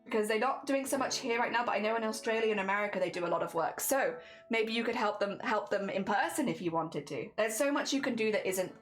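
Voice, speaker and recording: A woman's voice: medium pitch, faint music behind. A young woman streaming a charity fundraiser, talking earnestly and a little tearfully, often restarting her sentences. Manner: earnest, emotional, halting with restarts. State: teary. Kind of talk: casual charity livestream chat.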